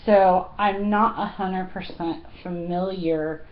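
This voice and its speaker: A woman's voice: on the low side, fairly even intonation, takes it slowly, muffled recording, a little hiss or hum. A woman in her thirties chatting casually to her viewers, giggly and full of fillers. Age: 30s. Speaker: fashion vlogger. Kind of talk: casual chat.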